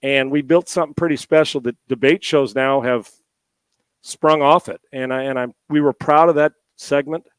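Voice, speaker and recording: As a guest in an interview, the middle-aged man, who played quarterback in the NFL and went on to host radio, is emotional and near tears, speaking sincerely with frequent restarts. His medium-pitched voice is smooth, fairly even in intonation and moderately paced, with no echo.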